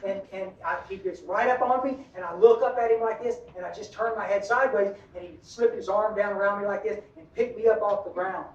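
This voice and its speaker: A man's voice: high voice, brisk, hardly any pauses. A middle-aged man with a drawl tells a rambling, folksy story at a recovery meeting and often laughs at himself. His voice carries through a roomy hall and is picked up from a distance. The sound is a little dull and muffled.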